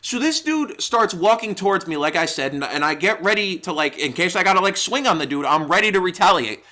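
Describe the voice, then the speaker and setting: Young man from New York, high and bright voice, profane rambling comic storyteller. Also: expressive, a little fast. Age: young adult. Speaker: YouTuber. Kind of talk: comedic storytime narration.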